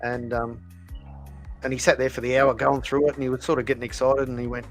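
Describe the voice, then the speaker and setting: A man spins a long story in casual chat, stopping and restarting his sentences with plenty of fillers. His voice sits at an everyday middle pitch. Soft music plays faintly behind him. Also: little pitch movement, fairly quick, poor audio. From Australia. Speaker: podcast co-host.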